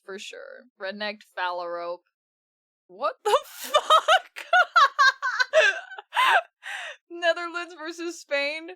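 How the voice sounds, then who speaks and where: A woman's voice: a little high, bright, forceful tone, clear, resonant tone, no echo, clean studio sound. A woman streamer reacting in casual live-stream commentary, swearing a lot and breaking into laughter.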